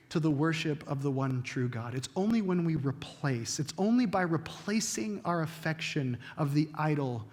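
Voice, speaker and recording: Male pastor, high voice, earnest sermon delivery with restarts and joking asides, long hall reverb. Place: church sanctuary.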